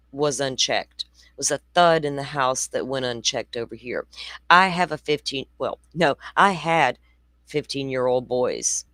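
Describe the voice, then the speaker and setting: A woman in her forties hosts a true crime show, speaking in a rumbling low voice with a fairly bright tone and no room sound. Her casual livestream commentary is chatty and blunt, full of rambling asides.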